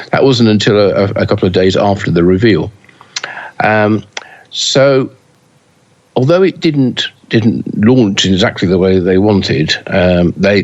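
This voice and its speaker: A man with a very low voice co-hosts a casual pinball podcast. He talks hesitantly, full of fillers and false starts. The audio is dull and lo-fi. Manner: hesitant, many fillers and restarts. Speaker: pinball news podcast co-host.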